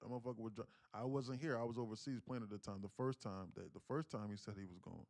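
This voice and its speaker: A man's voice: on the low side, fast talker, creaky, a little mellow, dry recording, studio quality. A man talking casually to his livestream audience, telling a story animatedly in street slang. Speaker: day trading livestreamer.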